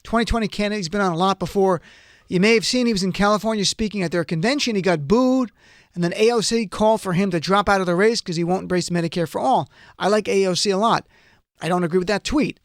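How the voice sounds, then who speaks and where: A man's voice: high voice, fast talker, no room sound, clean studio sound. A man hosting a political talk radio show, delivering an indignant monologue that rises to outraged rants.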